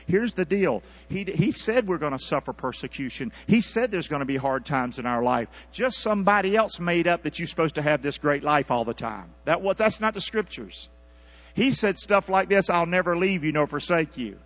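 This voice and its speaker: A pastor preaching in a church, his voice sitting a little high for a man. He keeps pressing the room for answers, building from hushed stretches to loud peaks. The recording is dull and lo-fi, with a low mains hum under it. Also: moderate pace. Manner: calls for congregation responses, animated rising delivery. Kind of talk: sermon. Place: church sanctuary.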